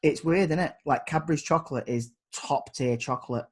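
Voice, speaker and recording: Husky man chatting enthusiastically. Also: a little high, brisk. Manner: enthusiastic, filler-heavy. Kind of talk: casual chat.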